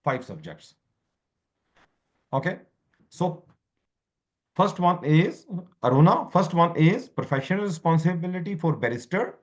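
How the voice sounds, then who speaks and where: Man, online class tutor, lively higher voice, dull video call audio, repeats himself. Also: a little slow, pauses often. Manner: switches between English and Hindi, quizzes students, repeats himself. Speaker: law exam tutor.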